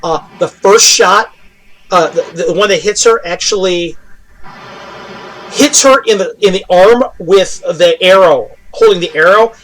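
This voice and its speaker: A man running a tabletop game as game master, narrating action with frequent pauses and fillers. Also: sits high, fairly bright tone. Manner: halting, with many fillers.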